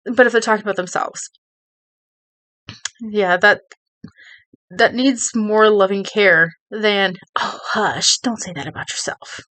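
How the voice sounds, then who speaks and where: A woman's voice: mid-range voice, a bit bright. Earnest woman giving rambling advice. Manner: earnest, rambling with frequent restarts and "you know". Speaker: video creator. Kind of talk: casual advice talk to camera.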